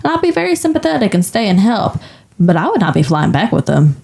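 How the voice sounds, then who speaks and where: A woman's voice: mid-range voice, big pitch swings, fast talker, vocal fry, darkish tone. A woman co-hosting a podcast, giving rambling opinions in casual chat with lots of "like" and "I feel like". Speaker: podcast co-host.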